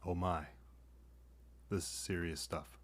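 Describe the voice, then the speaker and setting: Male podcast host, very deep and low voice, dry straight man who feeds questions. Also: steady tone, slow pace. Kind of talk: casual comedic chat.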